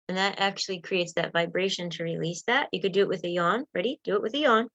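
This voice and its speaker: A woman coaching listeners through self-help steps and breathing exercises in a gentle, encouraging way. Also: fairly low pitch, no echo, lo-fi sound. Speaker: wellness coach. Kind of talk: guided self-help talk.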